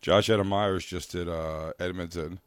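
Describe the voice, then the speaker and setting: A man co-hosting a comedy podcast, chatting casually with laid-back teasing and quick asides. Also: low-pitched, fairly even intonation, clear, resonant tone, dry recording. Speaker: podcast co-host. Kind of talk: casual chat.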